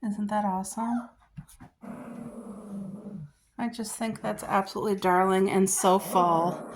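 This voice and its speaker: Outdoors in her garden, a woman vlogger chats casually to the camera, gushing enthusiastically about her finds and her plants. Her mid-range voice is steady and moderately paced, with slight background noise.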